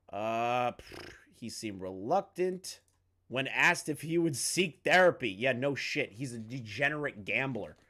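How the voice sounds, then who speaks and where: A man's voice: mid-range voice, animated, measured pace, pushed and bright. Crude ranting male commentator. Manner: crude, mocking, heated ranting. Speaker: commentary YouTuber. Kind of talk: profane reaction commentary.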